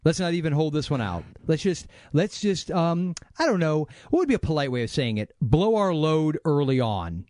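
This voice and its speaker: A man's voice: on the high side, sing-song, moderate pace, few pauses, a little mellow, dry recording, clean studio sound. A man hosting a movie podcast, joking around and poking fun at himself. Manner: joking, self-mocking. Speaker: podcast host. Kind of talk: casual podcast banter.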